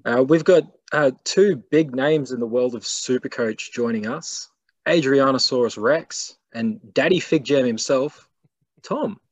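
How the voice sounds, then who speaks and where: A man with an Australian accent hosting a casual sports podcast, chatting in relaxed, matey banter. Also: mid-range voice, unhurried. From Queensland. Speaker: podcast host.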